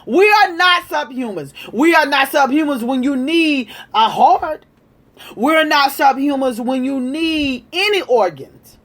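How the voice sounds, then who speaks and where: Woman ranting, high and animated. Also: a little slow. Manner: heated and profane, with emphatic repetition. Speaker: political commentator. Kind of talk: angry political rant.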